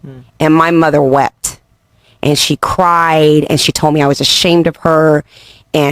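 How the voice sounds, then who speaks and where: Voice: mid-range voice, level tone, a little slow, no echo. Earnest storyteller from England, dry sound. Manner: earnest, recounting memories. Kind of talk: personal storytelling.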